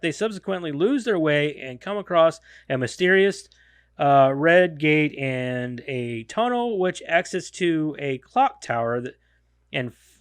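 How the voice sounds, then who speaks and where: A man's voice: a little high, no echo, clean studio sound. A man hosting a podcast, reading a film summary aloud in a casual way, stumbling and correcting himself. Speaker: podcast host.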